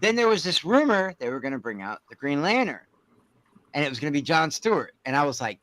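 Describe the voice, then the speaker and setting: A man hosting a casual panel podcast, talking in an animated, profane way and laughing often. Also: mid-range voice, quick pace. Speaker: podcast host.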